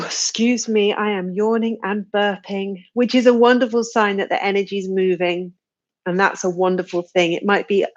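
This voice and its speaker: A woman guides viewers through a tapping routine in a slow, soothing voice, letting out sighs and yawns as she goes. She sits at a middle pitch. The sound is dull and lo-fi, like a live stream picked up by a webcam mic. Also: darkish tone. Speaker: tapping practitioner leading a live session.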